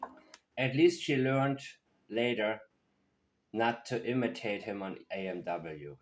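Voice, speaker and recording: A man giving slow, analytical commentary on true-crime video clips. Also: lowish voice, soft background music. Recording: roomy echo.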